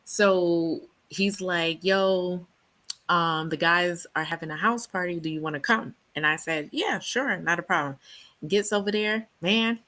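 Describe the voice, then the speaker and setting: Lively woman storyteller from New York. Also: fairly low pitch, normal speed. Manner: animated storyteller, laughs often, acts out quotes loudly. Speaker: book club host. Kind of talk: casual storytelling chat.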